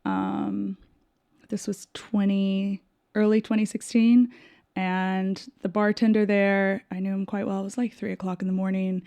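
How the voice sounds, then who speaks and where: Animated woman telling stories. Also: medium pitch, unhurried, creaky. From United States. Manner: animated storyteller who acts out quoted dialogue, laughs often. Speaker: podcast guest. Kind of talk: casual interview storytelling.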